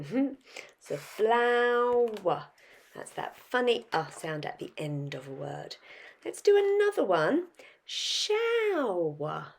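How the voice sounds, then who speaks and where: Slow, lively-voiced teacher woman. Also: mid-range voice. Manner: slow, sounding out words, questions to pupils. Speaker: primary school teacher. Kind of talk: phonics lesson for young children.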